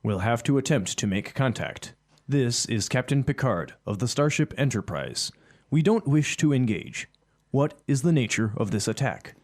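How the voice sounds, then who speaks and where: A man's voice: mid-range voice, big pitch swings, moderate pace, darkish tone. A man acting as a bossy starship captain who directs a fellow fan, speaking in a commanding, impatient way. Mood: formal.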